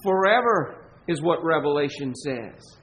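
A man with a Southern US accent preaching a sermon as pastor, emphatic, stretching key words and swinging between loud and soft. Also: fairly high pitch, expressive, low-quality recording. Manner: emphatic preaching, swelling and dropping in volume, slow stressed words.

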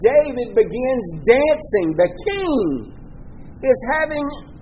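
A man's voice: very high voice, sing-song, slow, warm tone, a little hiss or hum, low-quality recording. A male pastor with a Southern American accent, preaching a sermon emphatically, with his voice rising and falling for effect.

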